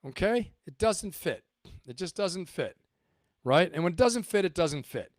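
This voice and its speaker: A man's voice: sits high, expressive, measured pace, no echo. Emphatic middle-aged man, dry sound. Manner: emphatic, repeats himself, asks rhetorical questions. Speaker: channel host, retired Marine officer. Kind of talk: casual commentary to viewers.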